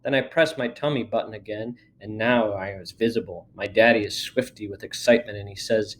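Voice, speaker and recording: A man reading a children's book aloud in a lively storytelling manner. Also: fairly low pitch, a little fast, few pauses. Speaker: reader.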